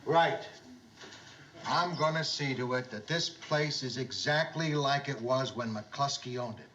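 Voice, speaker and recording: An actor playing a gruff middle-aged bar owner who awkwardly tries to be jovial, in a 1970s sitcom. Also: male voice, mid-range voice, unhurried, muffled recording. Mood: forced cheer. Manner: loud, awkwardly jovial greeter. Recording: noisy old TV soundtrack. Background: sitcom laugh track.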